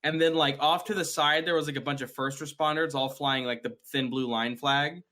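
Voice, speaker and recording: A man's voice: on the high side, fairly even intonation, brisk, sharp tone. Rambling man telling stories, swearing. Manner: rambling storytelling with many fillers and swearing. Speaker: podcast co-host. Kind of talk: casual podcast chat.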